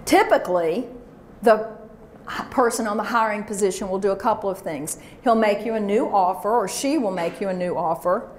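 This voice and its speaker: A woman's voice: mid-range voice, normal speed. A woman giving a live career workshop, coaching emphatically and drilling phrases with her audience. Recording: roomy echo, faint background noise.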